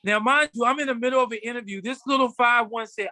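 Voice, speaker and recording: High, bright-voiced man telling a story. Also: fast talker, dry recording. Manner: animated storyteller, acts out quotes. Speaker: fashion designer guest. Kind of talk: casual storytelling interview. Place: studio.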